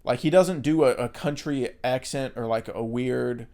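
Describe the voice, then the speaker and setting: American guy rambling on a movie podcast, mid pitch, lots of ums and swearing. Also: moderate pace, a little mellow. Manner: rambling, swears casually, many fillers. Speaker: podcast co-host. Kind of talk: casual chat.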